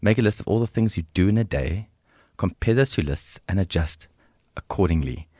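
Fast-talking South African man in his forties. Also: sits low, dry recording, clean studio sound. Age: 40s. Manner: animated storyteller, acts out quoted dialogue, laughs often. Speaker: guest speaker. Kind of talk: storytelling in a podcast interview. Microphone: studio microphone.

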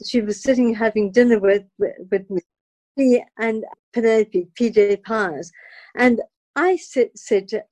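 Actress guest, bright-pitched and dry, relives moments dramatically with stammering restarts. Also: female voice, a little slow, dry recording. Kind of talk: animated personal storytelling.

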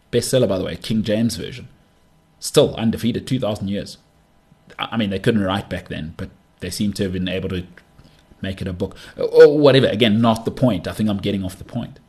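Brash man ranting on a podcast. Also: lowish voice. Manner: brash, animated, rambling with asides. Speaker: podcast host. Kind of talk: opinionated football podcast monologue.

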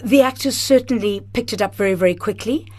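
A woman's voice: mid-range voice, a little fast, slightly rough. A woman theatre director guesting on a radio interview in a studio, speaking with enthusiasm and expression. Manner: enthusiastic, expressive, laughs often. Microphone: studio microphone.

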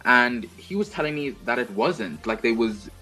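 Husky young man, chatty co-host. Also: medium pitch, animated, moderate pace, bright, forceful tone, faint music behind, poor audio. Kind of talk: casual chat.

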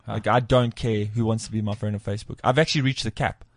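A man's voice: on the low side, steady tone, fast talker, no room sound. Joking male podcast host, dry studio sound. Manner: joking, playful banter. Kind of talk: casual chat.

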